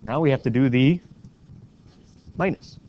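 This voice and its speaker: A man teaching a classroom math lesson, walking students through each step and often checking in with a quick question. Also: medium pitch. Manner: walks students through steps with frequent questioning "right?". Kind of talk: classroom lecture. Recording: dull lo-fi classroom recording with faint noise.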